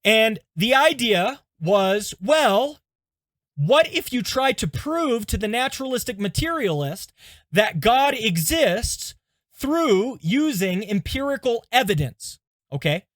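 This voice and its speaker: A pastor teaching through stories in an animated, conversational way, often checking in with his listeners. His voice sits high for a man. The sound is dry and close, with no room echo. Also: unhurried. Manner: animated, conversational, frequent "okay?" check-ins. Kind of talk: teaching lesson with storytelling.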